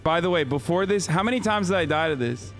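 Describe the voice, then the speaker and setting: A man streaming a video game and chatting with viewers, hoarse from screaming, frustrated and swearing, often restarting his sentences. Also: fairly high pitch, lively intonation, fast, faint music behind. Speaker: live streamer. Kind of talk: casual gaming stream chat.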